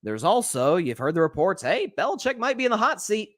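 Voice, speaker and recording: A man hosting a sports talk show, giving opinionated solo commentary in an animated way, with frequent restarts. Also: high-pitched, a little fast.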